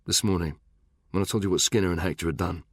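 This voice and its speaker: A man's voice: low voice, fast talker, dry recording, studio quality. A man playing a pushy young soldier. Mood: insistent. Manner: pressing, insistent.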